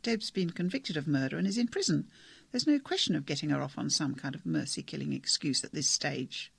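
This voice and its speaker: Composed woman lawyer, level and patient, pitched up a touch, read by a man. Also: brisk, vocal fry, husky, no echo, exaggerated voice. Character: calm, composed female lawyer.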